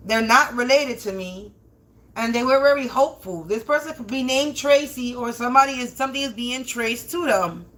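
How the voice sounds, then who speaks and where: A woman with a fairly high, fairly bright voice hosts a livestreamed spiritual reading. It becomes a profane, tarot-style rant, heavy with swearing, indignant rambling, restarts and stutters.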